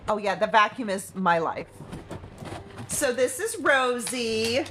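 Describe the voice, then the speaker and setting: A woman's voice: fairly high pitch, lively intonation, takes it slowly, sharp tone, a little hiss or hum. A middle-aged woman chatting casually on a live stream from her home, rambling with lots of fillers. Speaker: animal sanctuary live-streamer. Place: home, indoors. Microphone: camera on a tripod.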